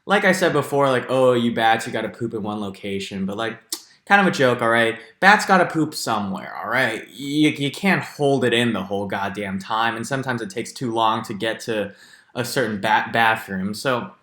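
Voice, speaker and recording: A young man in his twenties ranting comically through a ranked list, animated and jokey, often jumping into squeaky high exclamations. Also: moderate pace. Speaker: comedic vlogger. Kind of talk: comedic ranking rant. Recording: echoey room.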